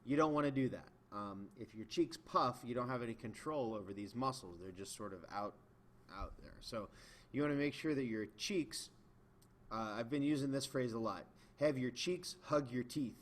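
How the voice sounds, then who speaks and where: A man's voice: medium pitch, normal speed. Patient man teaching a trumpet lesson. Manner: patient, demonstrating as he explains. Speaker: music teacher. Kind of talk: instructional video lesson. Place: indoors, in front of a camera.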